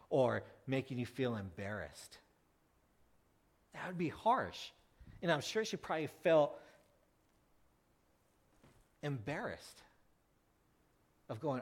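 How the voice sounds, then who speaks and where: A man preaching a conversational sermon, animated, asking his listeners questions and acting out the people in the story. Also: medium pitch. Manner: animated, asks the congregation questions; acts out quoted voices, with frequent restarts.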